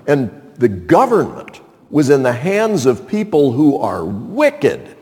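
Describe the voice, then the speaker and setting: A man's voice: medium pitch, huge pitch swings, takes it slowly, warm tone, long reverb tail. A man preaching a sermon, reading scripture dramatically and acting out prayers and God's replies. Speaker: pastor.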